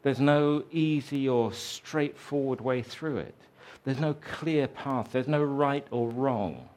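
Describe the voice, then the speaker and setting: A man preaching a sermon, telling a story slowly and reflectively, raising his voice for the quoted lines. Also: mid-range voice, darkish tone.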